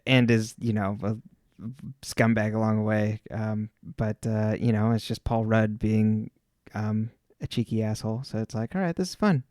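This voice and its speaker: A man's voice: fairly low pitch, completely flat delivery, unhurried, darkish tone, dry recording, studio quality. A man co-hosting a podcast in casual chat, rambling and laid-back, with lots of fillers. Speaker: podcast co-host.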